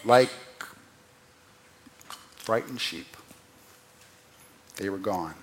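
A man preaching an expository sermon, who asks the listeners rhetorical questions and swings from loud emphatic peaks to quiet, low drops. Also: extremely slow. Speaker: pastor.

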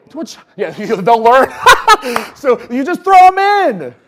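A man gives a casual, conversational sermon and speaks in a high voice. His pitch rises and falls a lot as he tells stories. He fills his talk with casual fillers and drops from loud bursts to near-whispered asides. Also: measured pace. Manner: animated, storytelling, swings from loud to hushed; chatty with many fillers. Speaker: preacher.

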